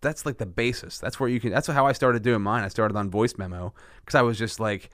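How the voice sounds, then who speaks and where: A fairly low-voiced man hosting a podcast, chatting in a loose, animated way. He restarts sentences often and laughs easily. The sound is dry and close, with no room around it. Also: a little fast, no room sound. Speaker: podcast host. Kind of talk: casual conversation.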